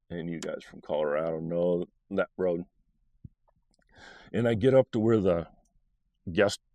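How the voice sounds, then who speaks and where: A man's voice: low voice, darkish tone, no echo. A middle-aged man telling a personal faith story in a rambling, earnest, conversational way. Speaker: podcast storyteller.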